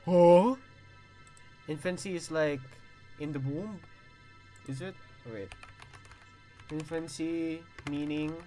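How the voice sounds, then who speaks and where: Young male streamer, reads game text aloud, breaks off to swear and exclaim; soft music under him. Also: fairly high pitch, slow pace, long pauses. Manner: excitable, swears and exclaims between read-out passages.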